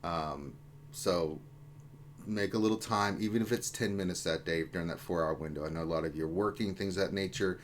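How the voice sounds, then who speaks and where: A man co-hosting a gaming livestream, energetic and joking as he reads out viewer chat and rallies support. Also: low voice, fairly quick, a little hiss or hum. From Houston area, USA. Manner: energetic, jokey, hyping up viewers. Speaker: livestream co-host reading chat.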